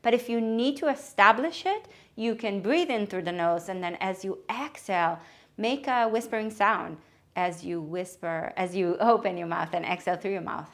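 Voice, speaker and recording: A woman yoga teacher giving calm, gentle spoken cues for breathing and movement. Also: mid-range voice, moderate pace. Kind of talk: guided yoga instruction.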